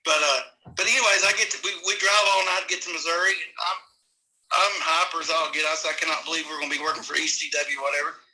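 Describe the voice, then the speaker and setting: A middle-aged man, casually telling rambling, animated stories as a podcast guest. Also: a little high, quick pace, low-quality recording. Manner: rambling, animated, with many restarts. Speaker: guest, former amateur wrestler. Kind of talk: casual storytelling.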